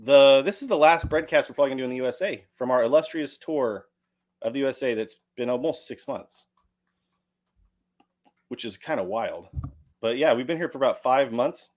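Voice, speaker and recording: An American man hosting a live stream, reading chat messages aloud in a relaxed, joking way. His voice rises and falls animatedly as he rambles on. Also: mid-range voice. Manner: lively, joking, chatty. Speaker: livestream host. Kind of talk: casual chat, reading donations.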